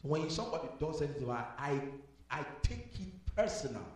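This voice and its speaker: A male pastor preaching a sermon and praying blessings, emphatic and repetitive, moving from soft talk to loud declarations. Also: on the high side, very animated, a little fast, far from the mic. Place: church. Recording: echoey hall with music behind.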